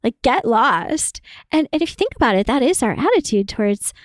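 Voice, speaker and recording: A woman therapist talking casually as a podcast guest, animated, acting out quoted voices and laughing often. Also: high-pitched, quick pace, dry recording.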